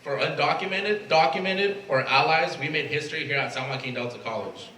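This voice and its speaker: A man's voice: a little high, brisk, sharp tone. A young man from Mexico, the new president of a student club, giving an earnest, emotional prepared speech. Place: event space at a college. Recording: echoey room from far off, faint ambience.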